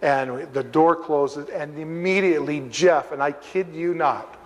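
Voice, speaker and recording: Older male pastor, high-pitched, animated and humorous storyteller, long church reverb. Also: unhurried. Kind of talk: storytelling sermon. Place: church sanctuary.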